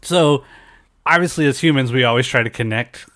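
A young man with a naturally nasal voice, made thicker by a blocked nose, hosts a podcast in loose conversation. He rambles, swears freely and leans on fillers. The sound is close and dry, with a mid-range pitch. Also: a little fast, a bit bright, dry recording. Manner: rambling, profane, many fillers. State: stuffed-up nose from a head cold. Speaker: podcast host. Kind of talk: casual podcast chat.

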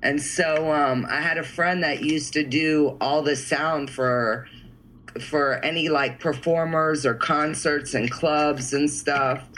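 A man's voice: a little high, fairly even intonation, slow, sharp tone, a little hiss or hum, low-quality recording. A man from New York telling a story in casual chat, laid-back and rambling. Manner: laid-back, rambling, lots of "you know".

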